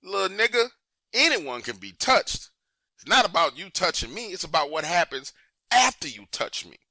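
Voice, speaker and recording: A man's voice: sits high, sing-song, normal speed, pushed and bright, dry recording, clean studio sound, voice pushed up, exaggerated voice. A man voicing a cocky male street enforcer who talks in slang and taunts. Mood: menacing.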